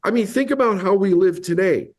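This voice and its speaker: A man's voice: high-pitched, a little fast, a little mellow. A man as a podcast guest, explaining his ideas earnestly and driving points home by repeating them. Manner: earnest, explanatory, emphatic repetition. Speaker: podcast guest, mindset coach. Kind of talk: explaining in an interview.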